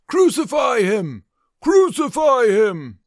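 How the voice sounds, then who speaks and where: A man voicing angry male temple leaders who shout loudly and draw out their demands. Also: medium pitch, very animated, no echo, studio quality, voice pushed up, exaggerated voice. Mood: furious. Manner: loud, drawn-out shouting.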